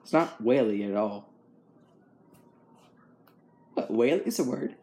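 A man's voice: medium pitch, animated, slow, dark tone. A young man chatting casually as host, easygoing and rambling, with frequent chuckles. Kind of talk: casual chat.

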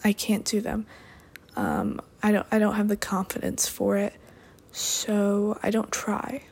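Young adult woman, mid-pitched, deadpan rambler with dry throwaway asides. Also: unhurried, gravelly, slightly rough. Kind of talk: rambling solo monologue.

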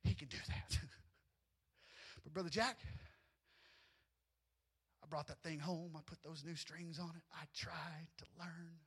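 A man with a high, bright voice preaching a sermon. He tells personal stories with lively, animated energy and often climbs almost to a shout. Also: measured pace, long pauses, slightly rough. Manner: animated storytelling, often rising to near shouts, with laughs. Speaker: pastor.

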